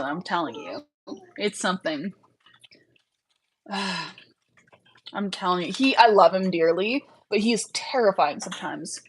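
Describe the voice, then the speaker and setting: A woman hosts a relaxed livestream, speaking slowly at an ordinary pitch. She sounds tired, chats and rambles, laughs partway through her sentences, and trails off while she clicks around on her screen. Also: slight background noise, rough recording. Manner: laughs often mid-sentence. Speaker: livestream host. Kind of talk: casual livestream chat.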